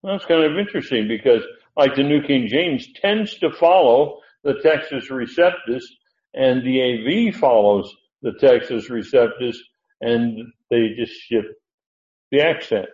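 A man's voice: mid-range voice, unhurried, a little mellow. A man giving informal Bible teaching, rambling and correcting himself as he thinks aloud. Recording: echoey, dull lo-fi room recording.

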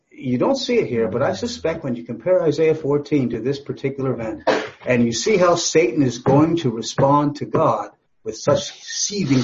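A man delivers a sermon in a mid-pitched voice, chatting with his congregation through rhetorical questions and light asides. The recording sounds a little dull and muffled. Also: darkish tone, a little hiss or hum. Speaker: pastor.

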